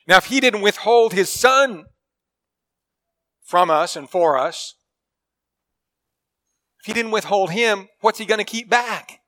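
A male preacher delivers a sermon in a high-pitched, bright voice. He talks earnestly and with emphasis, leaning on key phrases. He often sinks into quiet, intimate tones. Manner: earnest, emphatic preaching with dramatic drops to a hush; acts out quoted people in a story.

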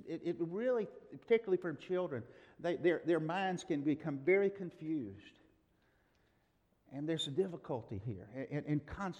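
A man in middle age delivers a sermon with a somewhat high voice. He tells his story earnestly, his volume rising and falling. The sound is muffled and lo-fi, with a long reverb from a large hall. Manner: earnest storytelling, with swings in loudness. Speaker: preacher.

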